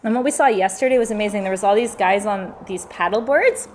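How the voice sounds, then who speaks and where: A woman's voice: medium pitch, quick pace, a little hiss or hum. A woman in her forties, a travel vlogger and mother, chatting casually on a live Q&A and acting out the voices in her stories. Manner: animated storyteller, acts out quotes.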